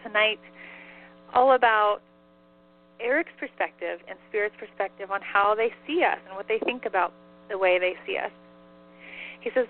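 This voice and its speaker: This woman, speaking at medium pitch and a moderate pace with long pauses, relays what a spirit is telling her during a casual call-in. She's giggly and chatty, her talk thick with "like." Faint mains hum sits under the phone-line audio.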